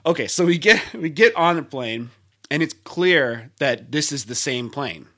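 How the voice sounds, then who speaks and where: Podcast co-host, man, bright higher voice, animated anecdote teller. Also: a little slow. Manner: animated, acts out quotes with big voice jumps. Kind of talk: casual storytelling chat.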